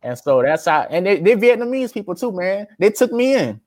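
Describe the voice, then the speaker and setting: A man's voice: sits high, sing-song, brisk, darkish tone, no echo. Laid-back Louisiana man, dry close sound. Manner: laid-back, drawling, calls listener man and brother. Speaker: interviewee, aspiring rapper. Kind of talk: casual street interview.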